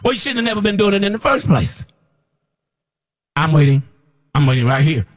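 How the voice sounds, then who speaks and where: A man calling himself a prophet, preaching in a scolding, repetitive way that sometimes rises toward a shout. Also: fairly high pitch, sing-song, a little fast. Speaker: self-described prophet. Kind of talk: preaching monologue.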